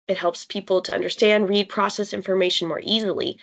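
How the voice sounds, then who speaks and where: Woman facilitator, easygoing conversational teacher, mid pitch, uses pauses for emphasis, video-call sound. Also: fairly even intonation, vocal fry, lo-fi sound. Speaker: workshop facilitator. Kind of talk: teaching a live online design workshop.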